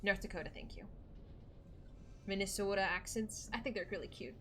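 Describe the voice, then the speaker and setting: A woman's voice: mid-range voice, moderate pace, a bit bright, a little hiss or hum. A young woman streaming a scary game, talking with her chat in a nervous, chatty way and swearing now and then. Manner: chatty, jumpy, swears, reads chat aloud. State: nervous, scared.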